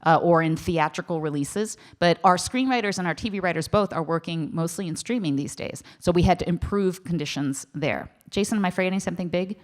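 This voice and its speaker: A woman speaking on a panel for a writers union, casual and wry, with quick asides and self-corrections. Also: lowish voice. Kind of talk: panel discussion. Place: festival talk stage.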